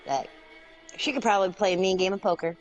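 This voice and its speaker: A woman's voice: mid-range voice, quick pace, over loud music. A woman co-hosting a casual gaming video who giggles often and chats casually.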